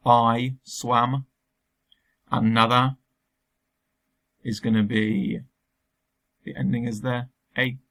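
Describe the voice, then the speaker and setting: A man's voice: mid-range voice, gravelly, fairly bright tone. A man teaching a recorded remote lesson, explaining patiently step by step with frequent ums.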